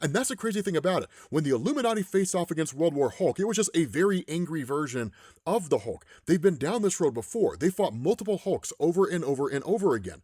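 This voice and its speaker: A man walks through a comic plot in casual commentary, his voice sitting a little high and swinging widely as he gets excited. He checks in with "right?" over and over. The recording is dry with no room sound. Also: quick pace, slightly rough, no echo. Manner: animated, keeps adding "right?". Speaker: comics explainer.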